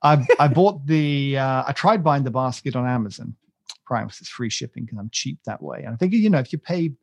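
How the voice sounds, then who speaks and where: A man rambles through a casual podcast chat, self-mocking and full of restarts. His voice has a gravelly texture. The sound is dry and close, with no room around it. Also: mid-range voice, lively intonation, a little fast, a little mellow, no echo. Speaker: podcast co-host.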